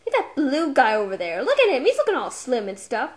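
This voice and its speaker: A woman's voice: sits high, huge pitch swings, fast talker. A woman voicing a bossy, chain-smoking girlfriend who mocks and teases. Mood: sassy. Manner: mocking, bossy teasing.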